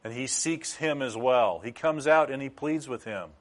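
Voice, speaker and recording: A man's voice: mid-range voice, animated, normal speed. A middle-aged man preaching a sermon as pastor, teaching through rhetorical questions.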